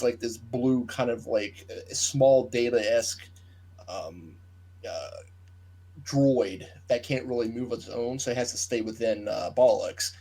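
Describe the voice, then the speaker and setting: A man's voice: medium pitch, darkish tone. A man co-hosting a podcast, explaining plot details at length in casual chat and trailing off into asides. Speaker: podcast co-host. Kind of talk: casual book discussion chat.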